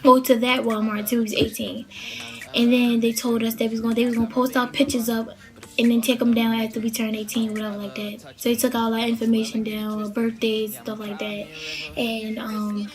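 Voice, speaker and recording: A woman's voice: fairly high pitch, little pitch movement, normal speed, darkish tone, soft background music. A young woman from the Baltimore area casually telling a story, chatty and rambling with lots of fillers. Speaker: vlogger.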